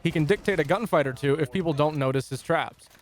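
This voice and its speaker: A man's voice: on the high side, quick pace. Young man narrating a dry, jokey game guide. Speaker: gaming YouTuber.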